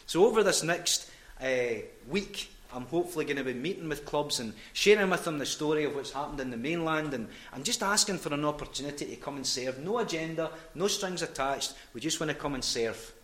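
A Scottish man, a football club chaplain, telling lively anecdotes in a storytelling sermon and acting out the dialogue. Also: fairly high pitch, a little fast, roomy sound. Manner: animated anecdotes, quoting dialogue.

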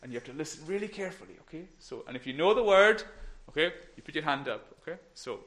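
A man's voice: a little high, animated, fast, fairly bright tone. A middle-aged man gives a playful, encouraging children's talk in church on a microphone, sometimes dropping to a whisper. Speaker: minister giving a children's talk.

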